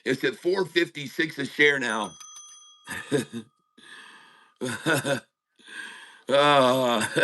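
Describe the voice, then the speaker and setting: Middle-aged male stream host, casual storyteller, chuckles, bright tone, mid pitch. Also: extremely slow. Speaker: day-trading livestream host. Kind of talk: casual joke-telling.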